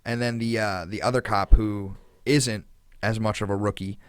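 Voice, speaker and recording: A man's voice: fairly low pitch, fairly even intonation, moderate pace, dry recording, clean studio sound. A man hosting a podcast, telling a story in casual chat with a lot of fillers, indignant and swearing freely. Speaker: podcast host.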